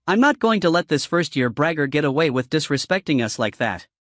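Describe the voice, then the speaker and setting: A man's voice: fairly high pitch, big pitch swings, brisk, fairly bright tone, no room sound, clean studio sound. A man voicing a hot-tempered young male soccer player who snaps out angry insults.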